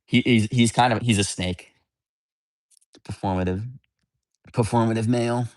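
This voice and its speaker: A man's voice: on the low side, fairly even intonation, moderate pace, no room sound. Man, livestream host, casual chat with viewers, blunt and rambling, dry close sound.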